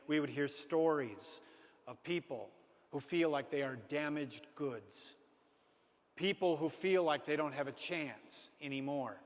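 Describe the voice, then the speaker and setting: A man from Minnesota telling a personal story to an audience with animated, self-mocking humor. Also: a little high. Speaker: speaker. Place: large hall before an audience. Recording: reverberant hall.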